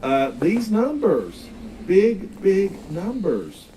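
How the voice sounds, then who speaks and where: Slow, drawling Southern man streaming. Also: high-pitched, very animated, dark tone, faint music behind. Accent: Southern US, North Carolina. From North Carolina, Smoky Mountains. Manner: rambling, folksy, drawls out words. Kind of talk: casual gaming livestream chat. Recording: distant mic, faint background noise.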